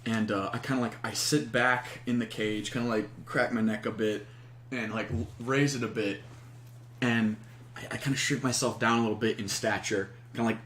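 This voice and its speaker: A man's voice: on the low side, fairly even intonation, moderate pace, a bit bright, roomy sound. A man playing a tabletop game, describing his moves in a loose, rambling way. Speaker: player. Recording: noisy room.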